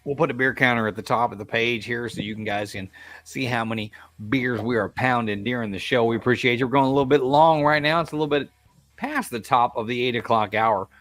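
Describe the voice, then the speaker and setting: A man's voice: medium pitch, fairly quick, a bit bright, no echo. A man hosting a casual racing podcast, loose and hearty, calling everyone man or brother. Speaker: podcast host. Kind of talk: casual chat.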